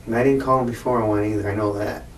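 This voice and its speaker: A man in his sixties answers police questions haltingly and defensively, stumbling over his words. His voice sits at an ordinary pitch in an echoey room, far from the mic, with a faint hiss behind. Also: fairly even intonation. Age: 60s. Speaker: suspect under interrogation. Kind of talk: police interrogation. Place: interrogation room.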